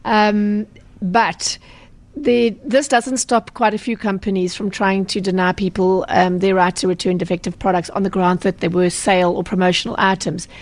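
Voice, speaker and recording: A woman with a South African accent, a consumer journalist answering questions on a radio talk show in a brisk, explanatory way with frequent ums and self-corrections. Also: medium pitch, level tone.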